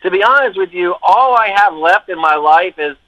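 Man, casual chat, wry dramatic complaining, slightly high voice. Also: lively intonation, moderate pace, pushed and bright, no room sound, highs cut off.

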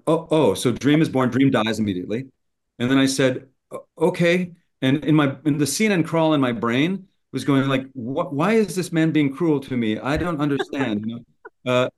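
A middle-aged man, a screenwriter, telling a story in conversation and acting out both sides of old phone calls. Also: on the low side. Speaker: screenwriter guest.

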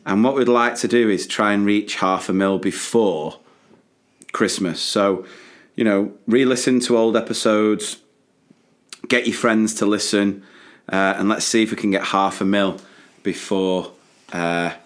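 A man's voice: fairly low pitch, a little slow. Chatty man venting with laughs. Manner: animated, venting, laughs often. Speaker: podcast co-host, primary teacher. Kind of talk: casual podcast chat.

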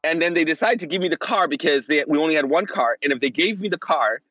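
A man's voice: fairly high pitch, fast, breathy edge, no echo, dull audio. A man in his forties, a minister and family therapist, telling a personal story as a podcast guest and acting out the voices of others. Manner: animated, acts out the voices of others.

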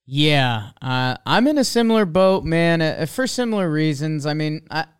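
Smooth-voiced excitable man talking sports. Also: a little high, moderate pace. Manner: excitable, rambling, jokey. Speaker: sports podcast host. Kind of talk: casual sports chat.

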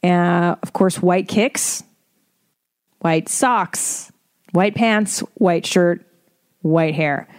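A woman's voice: on the low side, drawn-out words, pauses often, no room sound, clean studio sound. A woman hosting a podcast, telling a casual story with wry, profane asides. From Eastern Bloc. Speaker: podcast host.

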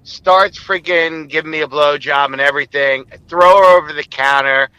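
A man's voice: fairly high pitch, normal speed, bright, forceful tone, clean tone, rough recording. A man, a former co-host calling in, telling a rambling, crude story full of filler words. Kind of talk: casual storytelling.

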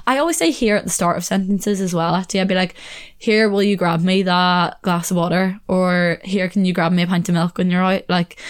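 A woman's voice: medium pitch, clear, resonant tone. A young Irish woman talks through her own podcast in a loose, chatty way. She laughs easily and scatters fillers through her sentences, with a voice sitting right in the middle of the usual range. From Ireland. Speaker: podcast host. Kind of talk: casual solo podcast chat.

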